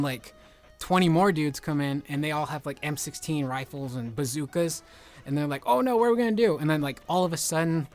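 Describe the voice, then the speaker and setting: Male game reviewer, slightly high voice, rambling and excitable, faint music underneath. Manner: rambling, excitable, heavy use of "like". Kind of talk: casual game commentary.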